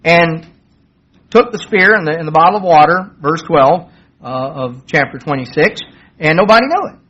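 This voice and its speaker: A man delivers a sermon in a plain, conversational way and lifts his voice to act out the lines of the story. His voice sits high and has a husky edge. The recording is dull and lo-fi. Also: lively intonation, moderate pace, fairly bright tone. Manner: conversational, acts out quoted dialogue in a raised voice. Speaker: preacher. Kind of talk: sermon retelling a Bible story.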